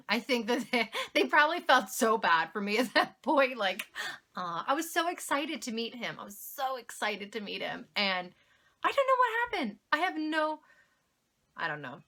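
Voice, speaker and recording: Bright-voiced young woman laughing through a story. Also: mid-range voice. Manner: laughs often while telling a story, self-mocking. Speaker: vlogger. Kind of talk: casual storytelling to camera.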